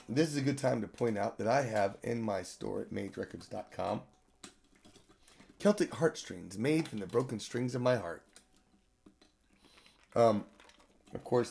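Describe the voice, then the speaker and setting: A man hosting a live music stream, chatting casually between songs in an easygoing way that trails off into quiet, mumbled asides. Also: fairly low pitch, creaky, slight background noise. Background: acoustic guitar.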